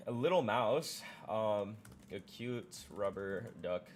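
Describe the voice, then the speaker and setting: Excitable man chatting on a stream. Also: on the low side, takes it slowly, slight background noise. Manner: excitable, repeats and restarts himself. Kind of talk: casual live-stream chat.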